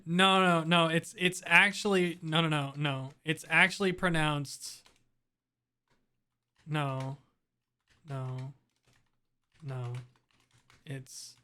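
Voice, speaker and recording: A man's voice: on the high side, extremely slow, pauses often, sharp tone. A man streaming a video game, joking and laughing often in casual commentary. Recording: game music playing clearly behind.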